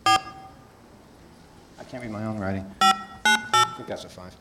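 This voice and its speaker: A man's voice: lowish voice, big pitch swings, a little slow, loud music behind the voice. A man hosting a casual chat, rambling with many restarts and laughing at himself. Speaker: podcast host.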